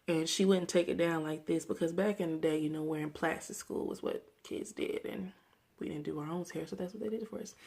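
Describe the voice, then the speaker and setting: A woman's voice: low-pitched, vocal fry, husky. A woman in her twenties from Mississippi, talking earnestly and reflectively to camera in a personal vlog rant. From Mississippi, USA. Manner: earnest, reflective, talks through memories candidly. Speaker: vlogger.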